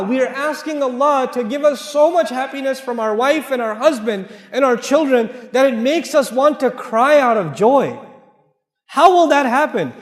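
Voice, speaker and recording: High-voiced man preaching in an echoey hall. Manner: emphatic, repeats key phrases, joking asides. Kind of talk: lively sermon to a live congregation. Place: large hall with a congregation. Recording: echoey hall with long reverb.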